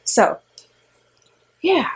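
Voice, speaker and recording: A middle-aged woman co-hosting with her son, telling a story in a rambling, animated way with lots of fillers. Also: extremely slow, whispered. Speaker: co-host and mother. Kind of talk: casual storytelling.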